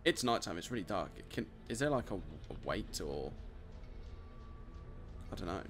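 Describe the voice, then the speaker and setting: A man with a British accent giving excitable, laughing commentary while playing a video game. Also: low voice, normal speed, faint music behind. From United Kingdom. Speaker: gamer, channel host. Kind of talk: casual let's-play commentary.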